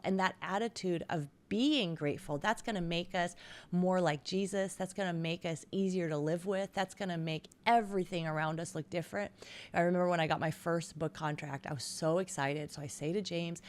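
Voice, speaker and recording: A middle-aged woman, a guest author, chatting in an interview and acting out lively stories with quoted voices. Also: lowish voice, normal speed. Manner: animated storyteller acting out quotes. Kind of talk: casual interview chat.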